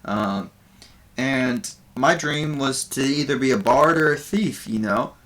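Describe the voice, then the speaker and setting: A man's voice: mid-range voice, a bit bright, pitched above the performer's own voice. A man voicing a lanky male bugbear stand-up comedian who tells corny puns and waits for laughs. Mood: jokey. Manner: chummy, hammy joke delivery with pauses for laughs.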